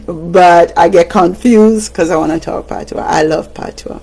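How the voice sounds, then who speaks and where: A Jamaican woman who works as a radio broadcaster talks slowly through a casual livestream monologue, chatty and laughing often, sometimes breaking into song. Her fairly low, slightly mellow voice has a gravelly, creaky edge, and she speaks with a broadcaster's manner.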